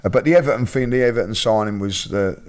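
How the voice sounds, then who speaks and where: A man hosting a podcast, telling stories in a lively casual way, full of fillers and repeats. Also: on the low side, fast. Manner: animated storyteller with many fillers and repeats. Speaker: podcast host. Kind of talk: casual chat, storytelling.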